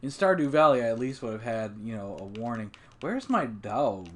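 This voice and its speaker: Male let's-play host, mid-pitched, relaxed rambling commentary with frequent swearing. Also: normal speed. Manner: relaxed, rambling, swears often, laughs at himself. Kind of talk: casual gameplay commentary.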